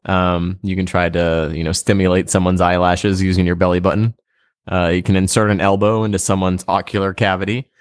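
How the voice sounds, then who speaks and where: A man co-hosting a comedy podcast, presenting an absurd idea in a dry, deadpan way. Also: low-pitched, a little fast, no echo. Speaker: podcast co-host. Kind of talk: deadpan comic pitch.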